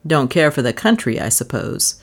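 Lady reading as a dry, clipped detective guy, low voice, storybook. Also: sing-song, moderate pace, slightly rough, full character voice. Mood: curt. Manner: curt, clipped questioning. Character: stern, dry male detective, middle-aged.

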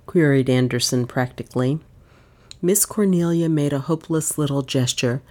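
Low-voiced woman narrating a mystery. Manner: even, measured storytelling. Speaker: audiobook narrator. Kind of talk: scripted narration.

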